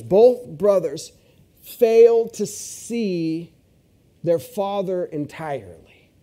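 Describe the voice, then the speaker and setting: Rich: A man preaching a sermon, retelling a story with expressive, shifting delivery. His voice sits a little high but sounds mellow and warm.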